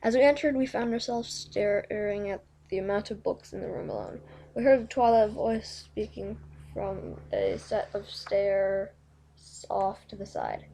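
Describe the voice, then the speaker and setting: A woman reading a fanfiction story aloud, tripping over words and going back to fix them. Her mid-pitched voice carries a noticeable gravelly fry. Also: steady tone, a little slow, warm tone, slight background noise. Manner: stumbling, self-correcting reading. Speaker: fanfiction reader.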